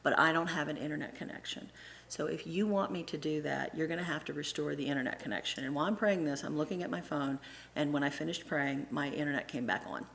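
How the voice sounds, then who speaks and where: Middle-aged lady at church telling a trip story, low voice, lots of fry, acts out the quotes. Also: fast talker, a little hiss or hum. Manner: animated, acts out quoted voices, frequent restarts. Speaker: church presenter and Sunday school teacher. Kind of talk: casual storytelling talk.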